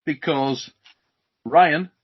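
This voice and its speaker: A British man hosting a casual podcast, jokey and lively, reading out viewer questions over a video call. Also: on the high side, very slow, husky. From Britain. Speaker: host. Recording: muffled video-call audio.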